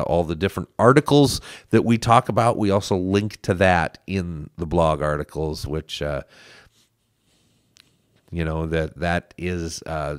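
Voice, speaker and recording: A man's voice: sits low, smooth, dry recording, studio quality. A man hosting a political podcast, speaking earnestly as he urges listeners to get involved. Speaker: podcast host. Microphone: studio microphone.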